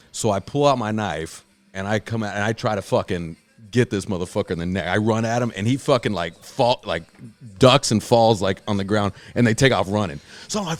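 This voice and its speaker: A man hosting a podcast, telling a wild story in casual, profane chat and acting out the people in it. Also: no room sound. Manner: profane, animated, acts out quotes in a loud high voice. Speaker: podcast host.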